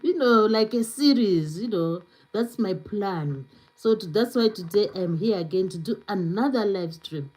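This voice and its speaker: Her voice is mid-range, animated and slightly mellow, moving at a measured pace with few pauses. A livestream host with a non-native English accent, she chats casually, uses lots of fillers, and reads out viewer comments. It's a rough recording.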